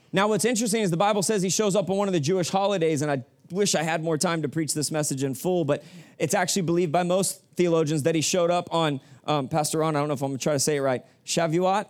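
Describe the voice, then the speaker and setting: A young male pastor with a fairly high-pitched voice gives a sermon in a church sanctuary. He keeps it casual and slangy, prompting the congregation to repeat his phrases.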